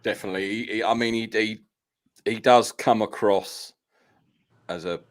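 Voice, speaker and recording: A podcast host with a very low voice chats easily with his guest. He makes dry little jokes and sometimes hesitates between phrases. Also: moderate pace. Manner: relaxed, wry, hesitant. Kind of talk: casual interview chat.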